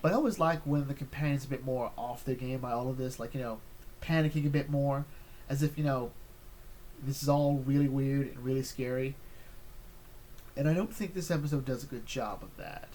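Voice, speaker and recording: A man's voice: medium pitch, brisk, mellow, a little hiss or hum. A man chatting casually as he reviews an episode, rambling with many fillers and restarts.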